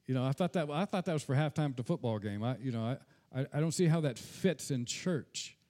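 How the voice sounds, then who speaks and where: A man's voice: mid-range voice, expressive, brisk, warm tone. A pastor preaching a sermon in an earnest tone, slipping into casual asides and repeating words when he speaks off the cuff.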